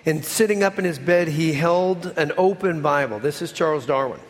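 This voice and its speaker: A man preaching and then praying with his congregation, his voice sitting a little high for a man. He speaks earnestly and often lets his voice sink soft at the close of a line. The sound trails off in a long hall reverb. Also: normal speed. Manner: earnest preaching, drops to a soft voice at the ends of lines. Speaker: pastor. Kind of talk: sermon with closing prayer.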